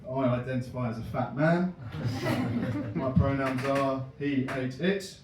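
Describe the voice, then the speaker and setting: A man's voice: medium pitch, animated, takes it slowly. A man telling a comic story on stage, often laughing at his own jokes and acting out other people's voices. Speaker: stand-up comedian. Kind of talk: stand-up storytelling. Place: comedy club stage. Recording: echoey room from far off, noisy. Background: audience laughter.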